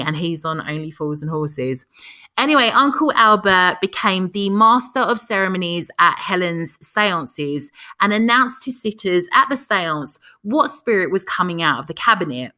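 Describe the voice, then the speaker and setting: A woman's voice: medium pitch, pushed and bright. A woman hosting a podcast, reading a scripted history narration and breaking off for chatty personal comments. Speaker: podcast host.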